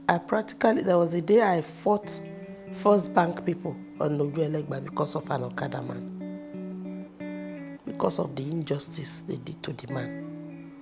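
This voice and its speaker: Nigerian lady telling stories, lowish gravelly voice, guitar music playing under her. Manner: expressive, animated storytelling with sudden loud bursts. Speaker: actress in a personal interview. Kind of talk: casual personal storytelling.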